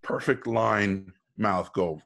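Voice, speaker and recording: A man's voice: fairly low pitch, slow, vocal fry, fairly bright tone. A middle-aged man, a guest on a live video call, telling stories animatedly, acting out quoted voices and swearing freely. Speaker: guest speaker. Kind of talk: casual storytelling on a live video talk.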